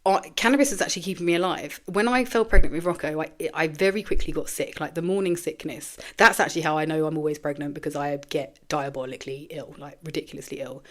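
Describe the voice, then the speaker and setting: A woman's voice: deep voice, fast talker, hardly any pauses, a bit bright. A woman, hosting her own show and talking frankly and profanely about her life, emotional and close to tears, with trailing restarts. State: tearful, emotional. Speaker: podcast host. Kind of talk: candid personal monologue.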